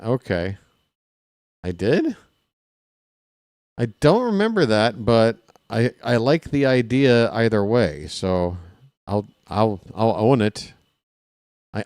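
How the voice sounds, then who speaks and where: A man doing casual live play-by-play of a ballgame, chatting straight to his viewers between pitches with candid, self-deprecating asides. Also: darkish tone, clean tone, no room sound, studio quality. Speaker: play-by-play commentator.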